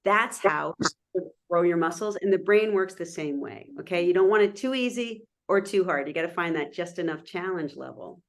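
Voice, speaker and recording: A middle-aged woman giving a lively, interactive online lecture over a video call, often checking in with her listeners. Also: lowish voice, normal speed. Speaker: guest presenter.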